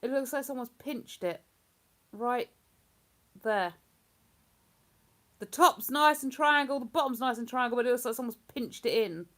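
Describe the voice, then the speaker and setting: A woman's voice: fairly high pitch, expressive, normal speed, long pauses, fairly bright tone. A woman hosting a livestream in casual, rambling chat. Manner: rambling, chatty, breaks into hummed tunes. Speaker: livestream host.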